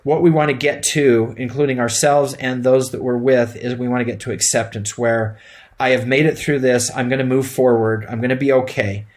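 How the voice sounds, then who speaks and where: A man's voice: mid-range voice, fairly even intonation, normal speed, darkish tone. A middle-aged man giving an instructional lecture to emergency medical students, speaking plainly and conversationally with frequent fillers. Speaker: EMT instructor.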